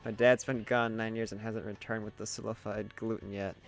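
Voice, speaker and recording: A man's voice: on the low side, level tone, fairly quick, faint music behind. A man streaming a game, reading chat aloud in a playful way and laughing easily.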